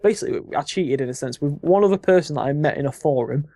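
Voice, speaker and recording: A tired man chatting casually on a late-night gaming podcast, wry and quick to laugh. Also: a little high, dark tone, no echo. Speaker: podcast co-host.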